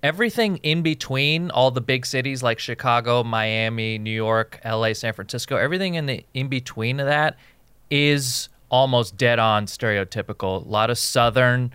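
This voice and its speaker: Male podcast co-host, bright and smooth, banters and rambles. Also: medium pitch, normal speed, no room sound. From Jordan. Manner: joking, rambling, swears freely. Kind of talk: casual podcast banter, reading listener emails. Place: recording studio in Los Angeles.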